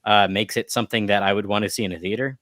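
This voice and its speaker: A man's voice: fairly low pitch, fairly even intonation, rapid-fire, fairly bright tone, dry recording, clean studio sound. A man co-hosting a podcast, talking casually about anime with plenty of fillers and restarts. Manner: rambling, hedging with many fillers. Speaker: podcast co-host.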